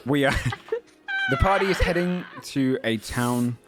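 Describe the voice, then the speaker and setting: A man narrating a tabletop fantasy game as game master, halting with frequent ums and self-corrections. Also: fairly high pitch, wildly swooping pitch, over loud music.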